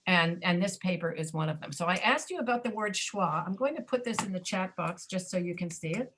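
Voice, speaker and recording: A woman's voice: on the low side, lively intonation, a little fast, background noise. A woman teaching a pronunciation class over a video call, explaining patiently and checking in with her students. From Florida, USA.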